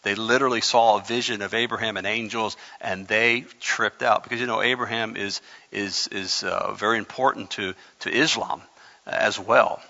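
A male pastor delivering a sermon with a bright, forceful voice. He stumbles over repeated words, then surges loud to drive a point home. The sound is dull and carries a long hall reverb. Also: lowish voice, moderate pace, vocal fry. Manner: animated preaching with repeated words and sudden loud emphasis.

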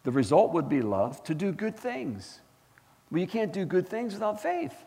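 A man preaching a sermon as pastor, animated and asking the congregation questions. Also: high voice, moderate pace, big-room sound. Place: church.

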